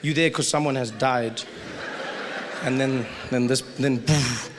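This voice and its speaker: A man doing a stand-up comedy set, animated and joking, slipping into quick put-on voices. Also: medium pitch. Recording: live hall recording with audience noise.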